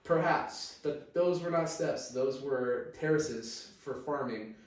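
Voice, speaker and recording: Male podcast host, crude joker, mid-pitch, recorded far off in a very reverberant room. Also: slow, a little mellow. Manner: joking, rambling, crude. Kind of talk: casual banter podcast. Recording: very echoey room, mic at a distance.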